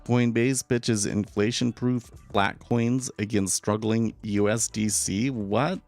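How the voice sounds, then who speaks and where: A man's voice: lowish voice, steady tone, slow pace, a little mellow, faint music behind. A man streaming live trading commentary, casual and opinionated, often repeating words as he starts a sentence. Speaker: day trader streaming live.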